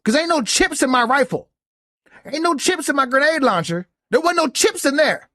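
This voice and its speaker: A man's voice: very high voice, expressive, normal speed, sharp tone, no echo. Male podcast host, soldier; indignant casual rant, cursing freely; dry close sound. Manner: blunt, profane, indignant. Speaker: podcast host reacting to a clip.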